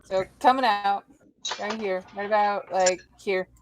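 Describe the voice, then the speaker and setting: A woman playing a tabletop game, expressive and playfully complaining, swearing freely. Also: medium pitch, measured pace, crowd noise. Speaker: player.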